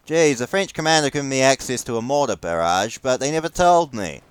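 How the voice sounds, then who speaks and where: A man's voice: mid-range voice, animated, fairly quick, few pauses, clear, resonant tone, no echo. A man with a New Zealand accent giving casual, profane commentary over a war game, grumbling wryly at his teammates. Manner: grumbling, profane, wry running banter. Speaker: gameplay commentator.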